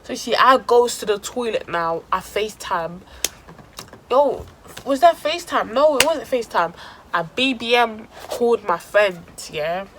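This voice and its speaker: A woman's voice: fairly high pitch, expressive, unhurried, a bit bright, slight background noise, low-quality recording. A woman telling a dramatic story in casual slang for her vlog. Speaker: vlogger.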